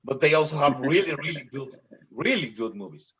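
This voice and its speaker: A man on a podcast making measured, deliberate remarks in casual chat. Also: on the high side, expressive, fairly bright tone. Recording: muffled lo-fi mic.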